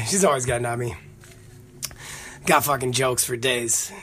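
A man's voice: medium pitch, unhurried, sharp tone. A man hosting a podcast, telling rambling, profane stories in casual chat. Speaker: podcast host.

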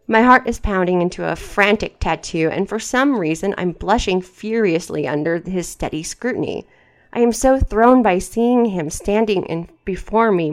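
A woman with a slightly low voice reads fiction aloud for her podcast, leaning into the drama of the text. She keeps cutting in with dry, sarcastic asides that mock what she is reading. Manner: wry, mocking asides between read passages.

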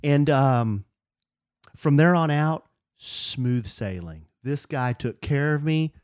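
A man's voice: a little high, slow. A man co-hosting a podcast, telling a story in casual chat and acting out what people said to him. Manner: animated, acts out other people's lines in quotes. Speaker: podcast co-host.

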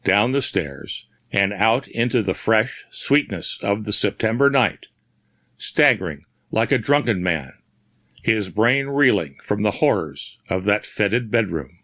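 A man narrating a horror story in a measured, dramatic reading. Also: lowish voice, lively intonation, fairly bright tone, dry recording, clean studio sound. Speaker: audiobook narrator. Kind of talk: scripted narration.

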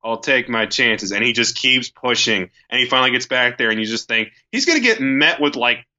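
A man co-hosting a casual movie discussion, animated, often restarting words and acting out lines. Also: medium pitch, a little fast, lo-fi sound. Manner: animated, acts out quotes, repeats words when starting.

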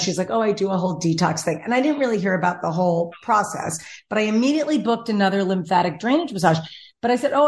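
A young adult woman hosting a casual chat, telling a rambling story and acting out what others said. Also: medium pitch. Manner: chatty rambling storyteller, acts out quotes. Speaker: podcast host.

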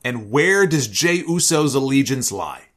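A man recapping and giving opinions on a wrestling show in a casual, animated storytelling way, sometimes acting out what others said. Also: medium pitch, measured pace. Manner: animated storytelling, acts out quoted lines. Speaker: wrestling commentator.

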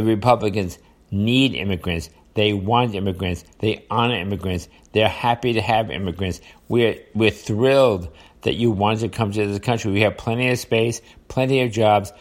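An older man with a New York accent talks straight to his viewers in a loose, rambling monologue. His voice sits fairly low, and he circles back on his words, stacking repetitions and "uh" fillers as he goes. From United States. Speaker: vlogger. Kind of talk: casual monologue to camera.

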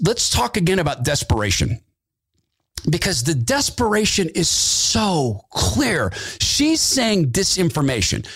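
A middle-aged man hosting an opinionated political talk monologue, sarcastic and animated, with asides and mock voices. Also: high voice. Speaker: political commentary host.

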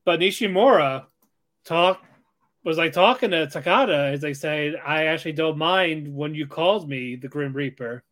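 A man's voice: on the high side, moderate pace, fairly bright tone. A man co-hosting a casual anime podcast, recapping episodes in a loose, rambling way. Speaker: podcast co-host.

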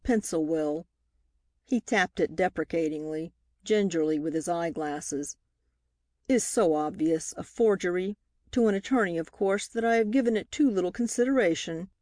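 A woman reading a novel aloud as scripted narration, lifting her pitch for the characters' lines. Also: moderate pace, a little mellow, no room sound, clean studio sound. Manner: reads dialogue with lifted pitch for characters. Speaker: audiobook reader.

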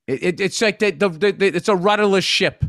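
A middle-aged man trading crude stories with his co-host, profane and animated. His voice sits a little high. The sound is dry and close to the mic. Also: normal speed, no room sound. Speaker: podcast co-host. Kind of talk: casual crude banter.

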